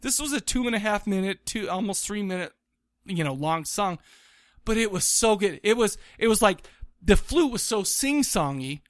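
A man in his thirties chatting on a podcast, rambling excitedly and tripping over restarts. His voice sits fairly high and sounds dry and close. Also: normal speed, no echo. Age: 30s. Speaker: podcast co-host. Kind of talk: casual chat.

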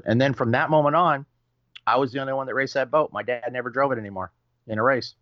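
A middle-aged man telling a racing story with lively energy, acting out quoted voices and swearing casually as a podcast guest. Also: medium pitch, fast talker, dry recording, highs cut off. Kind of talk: animated storytelling.

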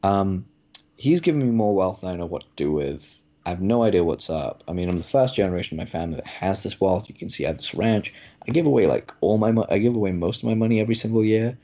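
A man voicing a wealthy ranch owner in a retold parable, earnest and quick. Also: sits low, lively intonation, warm tone, highs cut off.

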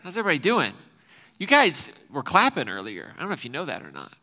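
A man's voice: fairly high pitch, wildly swooping pitch, fast talker, pushed and bright. A man serving as lead pastor, giving a casual, joking sermon to a live congregation and often asking the room questions. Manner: joking, chatty, self-mocking, often asks the room questions.

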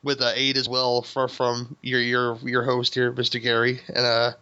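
A man's voice: medium pitch, completely flat delivery, normal speed, pushed and bright, clear, resonant tone. A man hosting a casual movie review podcast, laughing and swearing often as he rambles with restarts. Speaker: podcast host. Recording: dull lo-fi sound.

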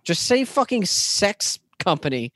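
A man co-hosting a casual podcast chat, throwing in quick jokes. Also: sits high, sing-song, a bit bright, no echo. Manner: quick joking interjections. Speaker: podcast co-host.

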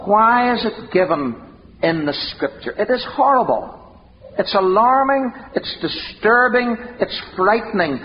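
High, impassioned male preacher. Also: lively intonation, unhurried, slight background noise. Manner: impassioned, rhetorical questions, dramatic emphasis. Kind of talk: sermon. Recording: dull lo-fi recording in a reverberant hall.

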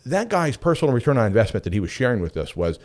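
A middle-aged radio host with a mid-range voice talks fast in a casual monologue. He's an animated, chatty storyteller who keeps slipping in asides.

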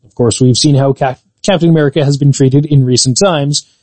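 A man co-hosting a podcast, chatting casually about games and movies in a measured, explanatory way. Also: medium pitch, steady tone, a little mellow, no echo. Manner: measured, explanatory, fond of qualifiers. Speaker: podcast co-host.

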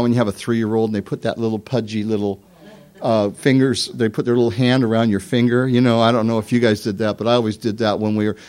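A man, a pastor, giving a conversational sermon, telling stories and swinging from soft asides to emphatic points. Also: mid-range voice.

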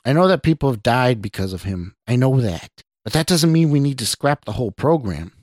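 A man's voice: mid-range voice, lively intonation, a little fast, darkish tone, dry recording, studio quality, close to an everyday voice. A man voicing a nervous young male scientist who stammers and pleads defensively, in a story reading. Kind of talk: audio drama reading.

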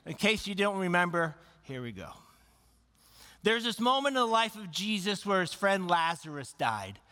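Bright-voiced man preaching in a hall. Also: high-pitched, sing-song, moderate pace. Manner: conversational, humorous, reads scripture aloud. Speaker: pastor. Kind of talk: sermon.

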